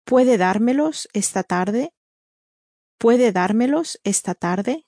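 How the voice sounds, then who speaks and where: Slow, measured woman modeling phrases. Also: on the high side, lively intonation, dark tone, no room sound, studio quality. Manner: measured, repeats each phrase twice. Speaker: native-speaker voice for language drills. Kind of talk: slow model pronunciation in drills.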